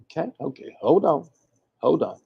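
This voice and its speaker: A man hosting a casual livestream, playful and animated, teasing himself as he stumbles over hard words and restarts often. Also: on the high side, moderate pace, vocal fry, husky, dull audio. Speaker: host giving hoodoo readings and advice. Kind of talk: casual livestream chat, reading from the chat.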